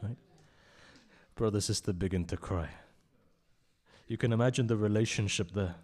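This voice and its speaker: A man speaking at a mourning gathering in a religious centre hall, reciting with passion, swelling to loud cries and dropping low again, often asking the listeners direct questions. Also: brisk.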